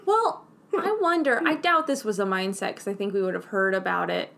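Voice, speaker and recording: A woman's voice: medium pitch, fairly quick, vocal fry, fairly bright tone. A young woman from Wisconsin co-hosting a casual movie podcast, thinking aloud in a musing, trailing way. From Wisconsin, US Midwest. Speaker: podcast co-host. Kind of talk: casual movie-review chat.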